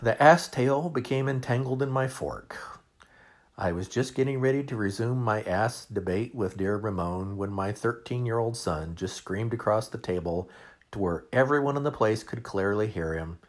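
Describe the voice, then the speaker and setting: A man's voice: on the low side, moderate pace. A man in his forties, a podcast host, telling a humorous story in a wry, self-mocking way.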